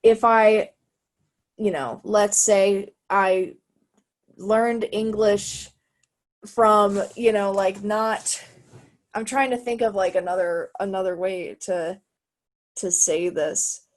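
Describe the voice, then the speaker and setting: A woman's voice: mid-range voice, fairly even intonation. A young American woman talking on a video call, thinking aloud and hunting for the right words. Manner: searching for words, halting and thoughtful. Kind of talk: casual video call chat.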